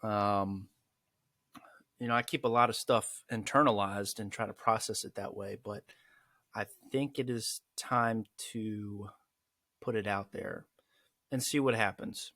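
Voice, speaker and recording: A man's voice: on the low side, fairly even intonation, a little slow, bright, forceful tone, dry recording. A man hosting his first casual solo podcast, chatty and self-deprecating, rambling as he goes. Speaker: podcast host.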